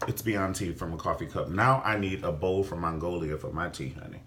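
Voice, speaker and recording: A man reviewing a TV episode in a casual vlog, sassy and flamboyant, swearing freely, calling his viewers honey and leaping up high in pitch for emphasis. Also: fairly quick, fairly bright tone, slight background noise. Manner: profane, calls viewers honey. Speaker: TV recap vlogger.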